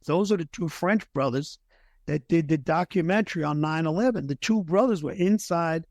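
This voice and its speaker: A middle-aged man, a retired firefighter, telling a personal story as a podcast guest, earnest and halting, often restarting his sentences and sometimes thick with emotion. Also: fairly high pitch, darkish tone, dry recording.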